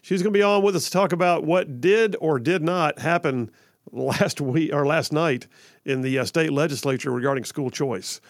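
A man hosting a talk radio show in a studio, in an energetic, folksy, chatty way. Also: a little high, moderate pace, no echo.

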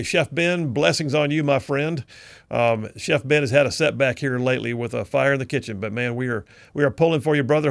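A man's voice: mid-range voice, vocal fry, a bit bright, no echo. A man hosting a talk radio show, reading out listener texts in a folksy, chatty way. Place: radio studio.

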